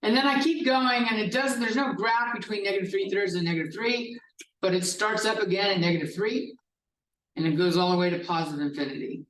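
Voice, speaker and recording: A man's voice: sits high, fairly even intonation, a little fast, a bit bright, a little hiss or hum. A male math professor giving a classroom lecture, explaining step by step in a casual style with some swearing. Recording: echoey classroom from a distance.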